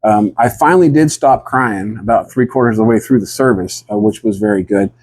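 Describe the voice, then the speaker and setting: A man telling a rambling comic story in a deadpan, drawling way and acting out what the others said. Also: fairly low pitch, brisk, slight background noise. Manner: drawling, rambling, acts out the other people's lines.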